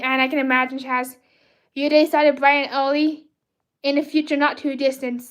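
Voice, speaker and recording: A woman hosting a live art stream, chatting excitably with viewers while drawing, rambling and often restarting her sentences. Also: high-pitched, normal speed. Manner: bubbly, rambling, cheers and greets viewers; self-corrects and restarts often. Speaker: livestream host drawing fan art requests.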